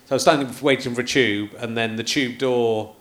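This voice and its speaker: A man hosting a live podcast chats easily, laughing between anecdotes of his own. His voice sits at an ordinary middle pitch. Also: fairly even intonation, a little fast. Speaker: podcast host. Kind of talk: casual chat. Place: theatre stage.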